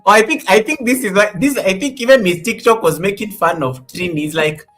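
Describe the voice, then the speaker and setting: A woman's voice: mid-range voice, fairly quick, soft background music. A woman hosting a casual live-stream chat, laughing often and reading out viewer comments. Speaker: host.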